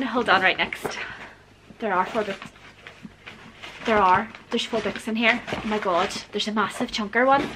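Excitable lady in her 40s doing a book unboxing vlog, bright voice, little bit of background hiss. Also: a little high, moderate pace. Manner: gushing and excitable, frequent gasps and squeals. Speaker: book vlogger. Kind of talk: casual gift unboxing vlog.

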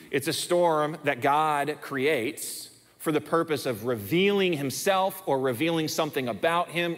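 Preaching emphatically in a church sanctuary, a male pastor often repeats words for stress, his voice fairly high and a touch bright. A long church-hall reverb colors the sound.

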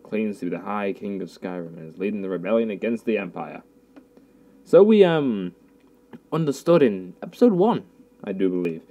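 A man's voice: fairly low pitch, lo-fi sound. A young man giving casual, goofy, self-mocking let's play commentary. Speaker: gaming youtuber.

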